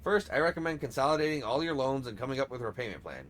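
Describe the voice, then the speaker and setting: A composed, calculating male boss from a crime game, read aloud by a man playing through it. His delivery is smooth and even-tempered, with a lively rise and fall. A faint hiss and some clicks sit behind the voice. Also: mid-range voice, very fast, natural voice. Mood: calm. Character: scheming man, calm detective boss. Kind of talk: reading game subtitles aloud.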